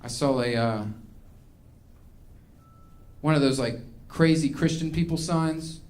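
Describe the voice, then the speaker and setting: A male stand-up comedian rants through his set, exasperated and self-mocking. His voice sits a bit higher than most men's. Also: slow, darkish tone.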